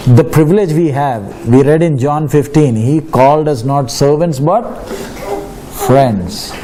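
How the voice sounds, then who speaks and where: With slight background noise behind him, a man delivers a sermon in a fairly high, warm, unhurried voice. He reads passages of scripture aloud and presses his listeners with emphatic questions.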